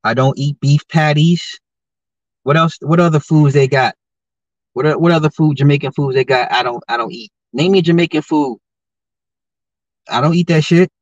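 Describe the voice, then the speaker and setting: A man on his podcast rants through social commentary, stacking one rhetorical question on another and jumping up in pitch when he gets heated. His voice sits fairly high for a man. It is recorded dry and sounds dull and lo-fi. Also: normal speed, pauses often, no room sound. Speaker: podcast host.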